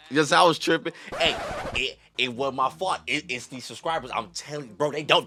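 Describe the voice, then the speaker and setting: A man hosting a reaction video, talking in an animated, slangy, excitable way. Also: medium pitch, fast talker, soft background music. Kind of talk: casual reaction commentary.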